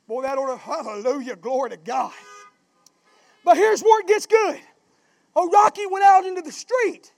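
High-voiced shouting preacher. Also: male voice, big pitch swings, normal speed, vocal fry, dry recording. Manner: southern-style preaching, swells into shouting. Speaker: pastor. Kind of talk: sermon.

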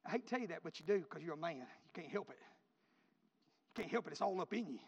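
A man preaching a sermon, repeating phrases in a rhythmic build that rises to shouts. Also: a little high, lively intonation, quick pace, vocal fry, husky. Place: church. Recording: reverberant hall, dull lo-fi.

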